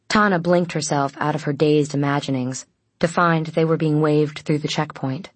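A woman narrating an audiobook in a steady, even storytelling manner. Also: low-pitched, moderate pace, dry recording. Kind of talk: scripted narration.

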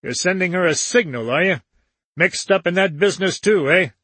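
Man putting on a grumpy little man, raised husky voice, snapping, loud and indignant, audiobook character. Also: high-pitched, moderate pace, no room sound, pitched above the performer's own voice, full character voice. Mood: irritable. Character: irritable little older man, sheriff type, dyspeptic and snappish.

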